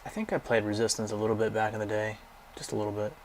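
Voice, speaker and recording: A man's voice: lowish voice, fairly even intonation, fast, slight background noise. A young man casually rambling through a game library, giving blunt, profane opinions and going off on tangents. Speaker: gaming vlogger.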